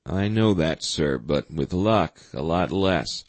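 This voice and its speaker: A man reading the lines of a blunt, forceful middle-aged navy admiral in an audiobook. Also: very deep voice, lively intonation, takes it slowly, no echo, heavily acted. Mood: measured.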